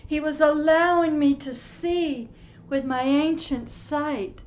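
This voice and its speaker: A woman pastor giving an emotional spiritual testimony, often dropping to a soft whisper. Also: sits high, slow pace. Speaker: pastor and teacher. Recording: muffled lo-fi recording.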